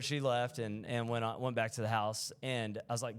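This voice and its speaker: Animated male podcast storyteller. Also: medium pitch, normal speed, clear, resonant tone. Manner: storytelling, animated, many restarts. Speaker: podcast co-host. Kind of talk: casual faith podcast chat.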